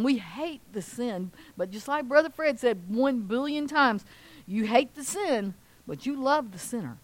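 A woman, preaching and telling a story with lively acted-out voices of a cheering crowd. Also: no echo. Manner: animated, acts out cheering crowds in a high voice. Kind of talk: sermon storytelling.

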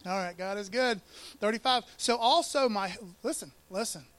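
High-voiced man preaching a casual sermon. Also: moderate pace. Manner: animated, joking asides, slangy.

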